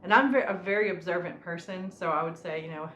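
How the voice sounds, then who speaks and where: A woman's voice: lowish voice, fast talker, fairly bright tone, a little hiss or hum. A woman vlogger telling a personal story in casual chat, rambling with many fillers like "um" and "you know". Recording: roomy room with faint music.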